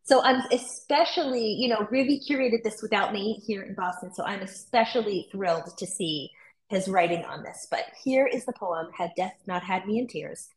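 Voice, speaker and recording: A woman co-hosting a conversation, reading a poem aloud slowly and softly, then talking through it in a reflective, expressive way. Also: mid-range voice, echoey room, poor audio. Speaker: podcast co-host. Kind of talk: conversational discussion with poetry reading. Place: Boston.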